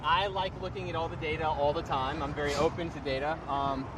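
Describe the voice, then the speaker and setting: A man's voice: on the high side, fairly even intonation, a little fast, noisy background. Jokey man co-hosting a podcast. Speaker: podcast co-host. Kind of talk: casual chat.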